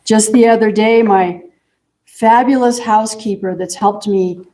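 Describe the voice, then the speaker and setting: A woman minister giving a gentle, chatty sermon in a church and laughing often. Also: medium pitch, fairly even intonation, measured pace. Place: church sanctuary.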